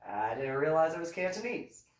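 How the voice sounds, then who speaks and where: A woman's voice: low voice, big pitch swings, normal speed. A middle-aged woman telling a rambling personal story in a wry, sarcastic way, chuckling often and restarting her sentences. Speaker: author and reverend. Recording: roomy, voice from a distance.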